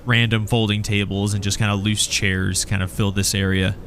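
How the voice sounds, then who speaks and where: A man narrating as game master of a tabletop role-playing game, halting and restarting often. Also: lowish voice, level tone, fairly bright tone, slight background noise.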